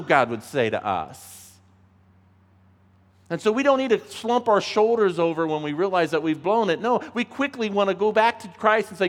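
A man preaching a sermon as a pastor, emphatic and animated, acting out the voices he quotes. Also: normal speed. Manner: emphatic, acts out quoted voices, rises in pitch when pleading. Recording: long reverb of a large hall.

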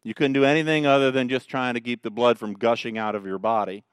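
A male pastor, preaching a sermon in an animated, joking way. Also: mid-range voice, quick pace, clean tone, no room sound, studio quality. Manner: animated, joking storyteller who mocks the Pharisees.

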